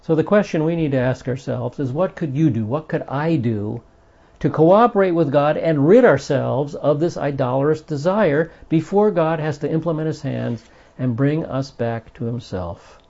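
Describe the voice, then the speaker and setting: A man's voice: on the high side, expressive, normal speed, creaky, dark tone. A man giving a Bible study lesson in an earnest, emphatic way, stressing the passages he reads aloud. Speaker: Bible teacher. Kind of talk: recorded Bible study teaching. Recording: dull lo-fi recording.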